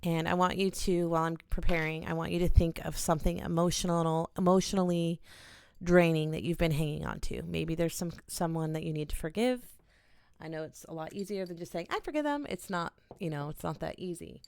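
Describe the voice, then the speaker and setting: Earnest low-voiced woman with a gravelly edge. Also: brisk, no room sound. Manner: gentle, earnest, coaching viewers step by step. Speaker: oracle card reader. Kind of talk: casual guided ritual talk. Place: small home studio in a bedroom corner.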